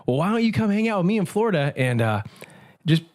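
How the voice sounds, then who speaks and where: A man imitating a joking Southern pastor with a Cajun accent, loud and teasing. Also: high-pitched, sing-song, fast, pitched above the performer's own voice. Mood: coaxing.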